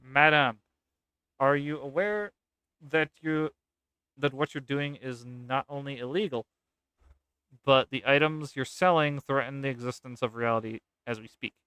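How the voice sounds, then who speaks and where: A man's voice: medium pitch, measured pace, bright, forceful tone, clean tone, no room sound. A man playing an indignant male professor who demands answers in a stern, exasperated way.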